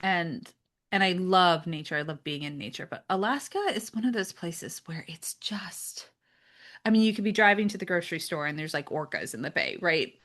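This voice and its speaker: An American woman talking casually as a guest, animated and laughing often, sometimes dropping to a soft near-whisper. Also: lowish voice, normal speed. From United States. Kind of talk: casual conversation.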